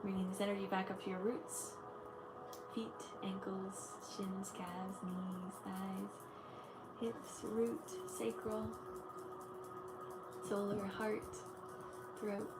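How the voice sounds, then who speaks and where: A young woman, an energy healer, guiding a meditation in a soft, slow voice on a live stream. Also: medium pitch, level tone. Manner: bubbly and gushing when chatting. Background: music playing.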